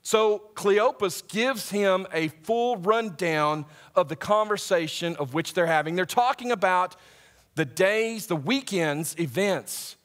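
This is a young man directing a camp, preaching conversationally before a live audience in a church hall. His voice is high and a little bright; he asks the room questions and picks up his pace when reading scripture aloud.

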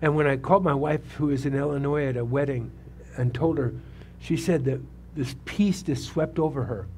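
An older man in his seventies preaches in a church sanctuary, his voice sitting a little high for a man. He tells his testimony in a loose, conversational way and keeps asking the congregation questions. A faint hum runs underneath the recording. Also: moderate pace, darkish tone. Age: 70s. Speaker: pastor. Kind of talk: sermon with personal testimony.

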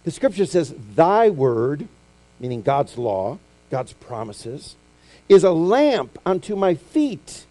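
Animated, mellow-voiced male preacher. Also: fairly high pitch, slow pace. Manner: animated storytelling preacher, acting out quotes with big swings from loud to hushed. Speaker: pastor. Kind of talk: sermon.

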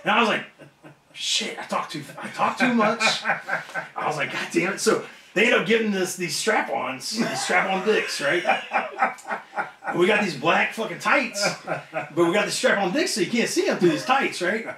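Animated man telling a profane story. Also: sits high, moderate pace, background noise. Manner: animated, profane, acts out other people's voices. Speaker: wrestler interview guest. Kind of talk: casual storytelling. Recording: roomy echo, somewhat off-mic.

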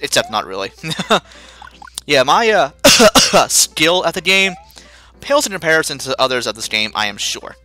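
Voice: mid-range voice, sing-song, moderate pace, sharp tone. A let's play host giving self-mocking gameplay commentary, with sudden panicky outbursts. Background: faint game music.

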